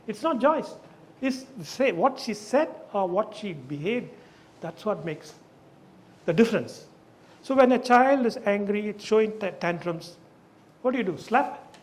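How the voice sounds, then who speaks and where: A man with a high voice gives an emphatic live talk to a group. He keeps turning to his listeners with questions. He stresses his points hard. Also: lively intonation, unhurried. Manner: emphatic, asks the audience questions. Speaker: speaker leading an awareness session. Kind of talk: live lecture to an audience.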